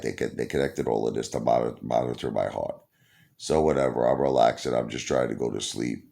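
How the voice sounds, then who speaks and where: Super deep gravelly guy rambling thru a funny story, keeps repeating himself. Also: fairly quick. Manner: rambling, animated, repeats himself, laughs at his own story. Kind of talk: casual comedic storytelling.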